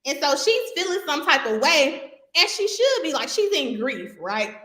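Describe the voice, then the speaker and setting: A woman hosting a podcast and teaching from the Bible in a casual, animated way, talking straight to her listeners with colloquial asides. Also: high-pitched, normal speed, echoey room.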